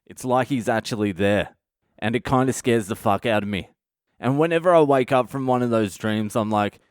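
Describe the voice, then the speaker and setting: A man tells comic stories on his podcast in a blunt, animated, profane monologue. His voice is smooth and clear, at a middling pitch. The sound is dry and close, with no room around it. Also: normal speed, dry recording. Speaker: comedian podcast host.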